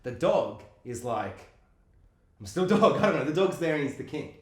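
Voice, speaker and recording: A man co-hosting a casual movie chat, animated and laughing often as he acts out scenes. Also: mid-range voice, a little fast. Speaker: podcast co-host. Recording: roomy echo.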